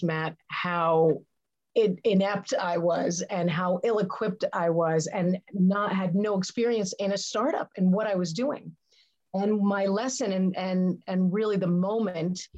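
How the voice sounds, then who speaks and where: A woman's voice: lowish voice, a little mellow, muffled recording. A woman answering interview questions with earnest, reflective storytelling and many restarts. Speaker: interview guest, business leader. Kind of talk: conversational interview.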